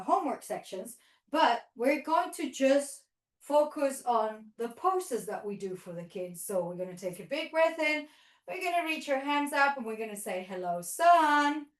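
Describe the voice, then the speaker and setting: Cheerful woman leading yoga, echoey studio. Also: on the high side. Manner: encouraging cueing with playful animal sounds. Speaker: yoga teacher trainer. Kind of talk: instructional yoga demonstration.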